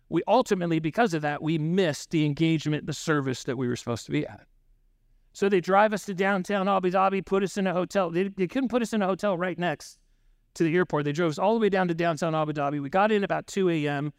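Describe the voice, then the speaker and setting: A pastor with a high voice, recorded close and dry with no room sound. He preaches in an easy, chatty way and drops in "right?" to keep listeners with him. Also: fast talker, no room sound. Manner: conversational, frequent "right?" asides, acts out dialogue. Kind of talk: sermon with storytelling.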